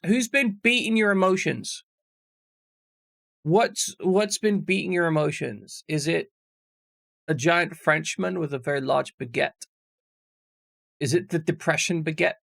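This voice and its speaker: A man's voice: a little high, gravelly, fairly bright tone, dry recording, clean studio sound. A man streaming live, chatting casually with viewers in a rambling, jokey way and swearing freely.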